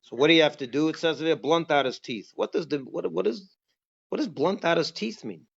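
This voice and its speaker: A man with a high voice gives a religious class as a rabbi. He teaches emphatically and keeps asking his listeners rhetorical questions. The recording sounds dull and lo-fi. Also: animated, brisk, vocal fry, breathy edge. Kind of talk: Passover class.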